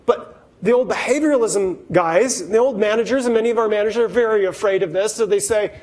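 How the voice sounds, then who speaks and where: High-voiced man giving a keynote. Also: a little fast, low-quality recording. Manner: lively, acts out quoted voices, talks straight to the audience. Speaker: keynote speaker. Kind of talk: workplace keynote talk to a live audience.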